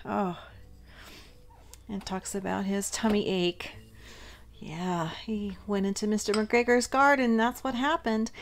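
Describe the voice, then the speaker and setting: A middle-aged woman chats slowly through a casual unboxing vlog. Her voice carries a gravelly, fry-tinged edge. She talks in a gushing, tender way. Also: medium pitch. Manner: emotional, gushing, teary and laughing. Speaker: reborn doll collector and channel host.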